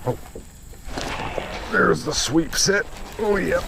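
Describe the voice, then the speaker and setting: A man's voice: high voice, slow, creaky, noisy background. A man vlogging as he fishes outdoors on the water, exclaiming and talking straight to his viewers. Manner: excitable, exclaiming, talks to viewers. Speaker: fishing vlogger. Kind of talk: casual talk to camera while fishing.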